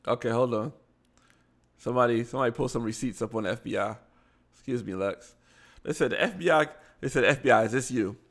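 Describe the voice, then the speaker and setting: A man's voice: mid-range voice, fairly quick, a bit bright. A man with a Baltimore accent, hosting a live show, reading news aloud with stumbles and blunt asides. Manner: reads articles aloud, stumbling over words and adding blunt asides.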